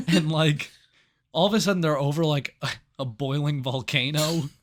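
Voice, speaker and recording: A man's voice: a little high, normal speed. A man co-hosting a casual movie review podcast, cursing freely and acting out scenes as he retells them. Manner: swears freely, retells scenes with animated voices. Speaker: podcast co-host.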